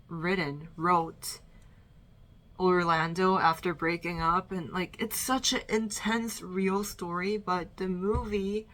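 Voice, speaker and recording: A young woman talks through her movie picks in an easy, rambling way from her bedroom, with a slightly low voice and an unhurried pace. She sounds a little out of breath, pausing between thoughts and trailing off into fillers. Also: fairly bright tone. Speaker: vlogger. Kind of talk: casual movie-ranking chat.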